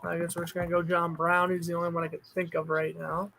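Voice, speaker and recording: High-voiced chatty male streamer. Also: fast talker, vocal fry, background noise. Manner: chatty, thinks aloud, bursts of excitement. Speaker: streamer host. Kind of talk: casual livestream chat.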